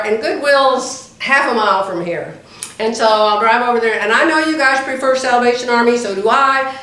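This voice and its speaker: Chatty woman in her seventies, echoey room. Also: on the high side. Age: 70s. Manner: animated anecdotal storyteller, laughs often. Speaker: quilting vlogger. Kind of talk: casual chatty storytelling to viewers. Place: indoors at home by the front door. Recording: very echoey room, distant mic, faint hiss.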